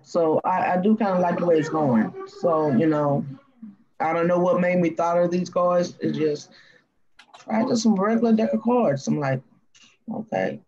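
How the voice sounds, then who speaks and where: A woman with a Cajun accent hosting a casual live stream, rambling in a folksy way with drawn-out fillers. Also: on the low side, a little mellow, dull audio. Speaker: live-stream host reading cards.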